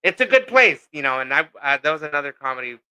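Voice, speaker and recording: Rambling, profane man with a bright voice. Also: fairly high pitch, big pitch swings, quick pace, clean tone, poor audio. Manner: profane, rambling storytelling with many fillers. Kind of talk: casual chat.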